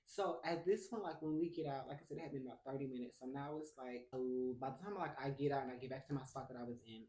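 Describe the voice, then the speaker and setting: A young man telling a personal story to viewers in a casual, animated way, calling them baby and y'all. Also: mid-range voice, quick pace. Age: young adult. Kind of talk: storytime vlog, casual chat. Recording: roomy echo.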